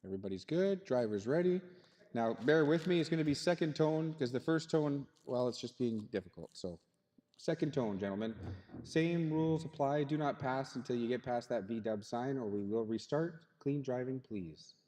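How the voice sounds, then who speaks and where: A man's voice: mid-range voice, expressive, moderate pace, dark tone. A man directing and announcing a live RC car race over a PA, friendly, chatty and apologetic toward the drivers. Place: indoor RC race track in a hobby shop. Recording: long reverb in a large hall.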